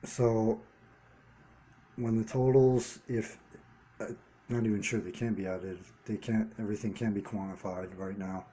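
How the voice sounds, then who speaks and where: Man, fairly low voice, warm and mellow; an earnest solo vlogger thinking aloud, restarting phrases and hammering single words. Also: steady tone, unhurried, slight background noise. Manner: earnest, repeats key words for emphasis. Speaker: vlogger running a one-person channel. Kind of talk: unscripted commentary monologue.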